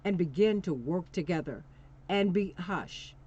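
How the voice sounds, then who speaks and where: A woman's voice: fairly low pitch, lively intonation, measured pace, darkish tone. A middle-aged woman hosting a call-in talk show, chatty and affectionate, laughing often and sounding tired. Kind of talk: casual call-in radio chat. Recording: slightly dull lo-fi stream with faint noise.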